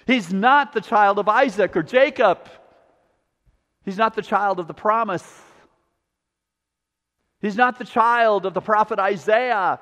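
Male pastor, sermon, slightly high voice, repetitive preaching cadence, long hall reverb. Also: fairly bright tone.

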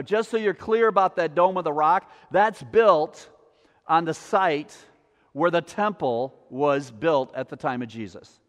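A pastor from Wisconsin preaching a sermon to his congregation, lively and rising to near-shouts on the prayers. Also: on the high side, big-room sound.

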